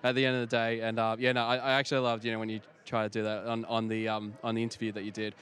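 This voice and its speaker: A man's voice: on the low side, monotone, rapid-fire, a bit bright, clean tone. A man interviewing guests outdoors at a fan convention, talking casually with many fillers and restarts. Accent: non-local accent.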